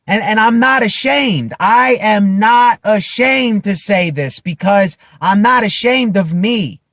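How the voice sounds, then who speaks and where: A man giving an impassioned self-help monologue to camera, emphatic and repetitive, building at times to loud declarations. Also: high voice, no echo, studio quality. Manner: slow, emphatic, repeats phrases, rises to shouting declarations. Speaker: vlogger.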